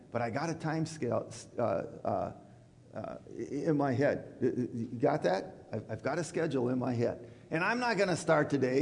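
A man preaching a sermon in a church, conversational and animated, acting out quoted voices. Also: fairly high pitch, creaky. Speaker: pastor. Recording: church hall reverb.

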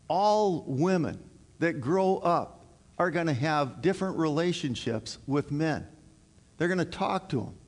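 A middle-aged man preaching in a folksy, halting way, stopping often on fillers and repeating his words. His voice sits a little high for a man. It rings with the long reverb of a hall. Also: vocal fry. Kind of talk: sermon.

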